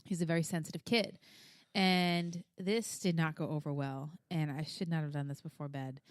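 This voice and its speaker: A woman's voice: sits low, fairly even intonation, moderate pace, no room sound, clean studio sound. A woman in her thirties co-hosting a podcast, chatting casually in a frank, rambling way, swearing freely. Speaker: podcast co-host. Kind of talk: casual chat.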